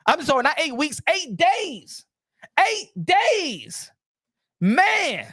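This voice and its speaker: A man's voice: extremely high pitch, fairly bright tone, no room sound, clean studio sound. Hyped man talking boxing. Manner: hype-driven, repeats phrases. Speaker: boxing channel host.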